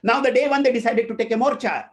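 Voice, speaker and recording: A man's voice: very high-pitched, fast. A man with an Indian English accent, a corporate trainer telling a motivational story and speaking directly to his audience.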